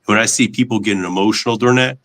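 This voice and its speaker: Low-voiced man giving calm advice. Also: racing. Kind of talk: casual podcast conversation.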